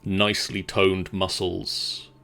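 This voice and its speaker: A man runs a tabletop game, describing characters in a very low, bright voice. He talks slowly, pausing often with ums. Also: little pitch movement, vocal fry. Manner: slow, hesitant, many ums. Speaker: game master.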